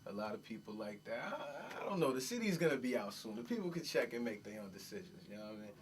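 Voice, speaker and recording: A man's voice: on the low side, big pitch swings, quick pace, a little hiss or hum. A man in his twenties, a rapper from New York raised in Miami, chatting loosely in an interview, full of "like" and "you know what I mean". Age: 20s. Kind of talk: casual interview chat.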